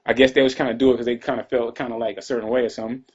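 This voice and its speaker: A man's voice: mid-range voice, little pitch movement, racing, husky. A man casually telling a personal story to fans on a livestream, loose and drawling with lots of asides and restarts. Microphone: livestream computer mic. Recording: dull lo-fi livestream audio.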